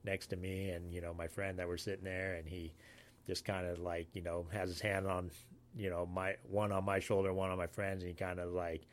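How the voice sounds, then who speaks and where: Low-voiced rambling man from Alaska. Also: flat delivery. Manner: rambling, halting, many fillers. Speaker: Navy sailor telling a story. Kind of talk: casual spoken anecdote.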